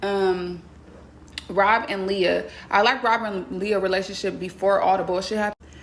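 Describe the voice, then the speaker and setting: Blunt, gravelly-voiced woman vlogger. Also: mid-range voice, steady tone, a little slow, slight background noise. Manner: blunt, profane, slangy and chatty. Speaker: vlogger reviewing a TV show. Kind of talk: casual recap vlog.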